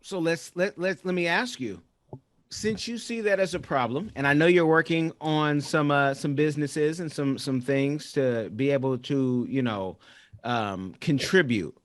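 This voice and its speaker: Higher-voiced male podcast host, dry sound. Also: dry recording. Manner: halting questions with restarts and fillers. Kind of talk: interview hosting.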